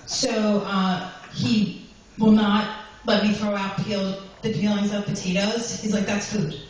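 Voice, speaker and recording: A woman's voice: medium pitch, little pitch movement, a little slow. A woman doing a stand-up comedy set on a club stage, talking in a rambling way with many ums and likes. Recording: echoey room, far from the mic, faint noise.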